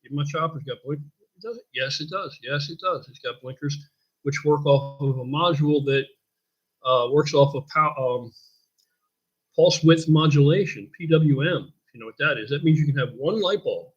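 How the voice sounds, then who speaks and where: A man's voice: a little high, normal speed, husky. An older man hosting a casual live stream, rambling in a blunt, profane way and answering viewer questions. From United States. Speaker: host. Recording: dull lo-fi stream audio.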